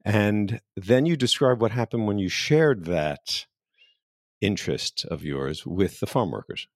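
Deep-voiced male interviewer, dry sound. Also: animated, no echo. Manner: measured, summarizing the guest's words. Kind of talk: interview questioning.

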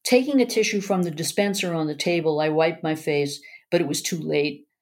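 A woman's voice: sits low, fairly quick, darkish tone. A woman narrating a first-person memoir aloud in an earnest, emotional way.

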